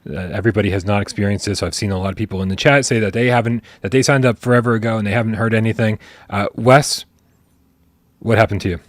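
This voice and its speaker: A man's voice: on the low side, fairly even intonation, fast, dry recording. A man hosting a casual livestream podcast, playful and teasing, rambling with restarts. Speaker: podcast host.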